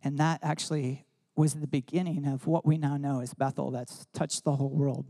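A man's voice: fairly high pitch, flat delivery, moderate pace, gravelly, warm tone. Man telling stories in a casual sermon. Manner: casual, rambling, many "like" fillers. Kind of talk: sermon storytelling.

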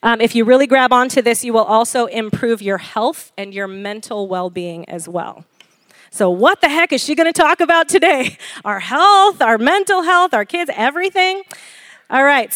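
A woman preaching a sermon with a fairly high voice, recorded dry and close. She talks in a lively way, laughs between points and keeps checking in with the congregation with "okay?" and "amen?". She often asks them to repeat phrases after her. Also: moderate pace, no echo.

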